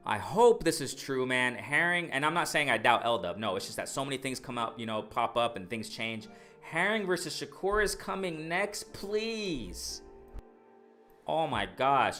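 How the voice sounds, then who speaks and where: A man hosting a live boxing stream who reads viewer comments aloud and reacts with excitable, repetitive commentary. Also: mid-range voice. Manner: excitable, repeats himself, reads chat aloud. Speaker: boxing livestream host. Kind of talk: live chat reading and commentary.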